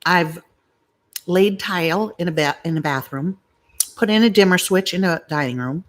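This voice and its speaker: A middle-aged woman with a fairly low voice talks at a moderate pace on a live vlog from her home. She rambles to viewers, sharing stories and confiding asides.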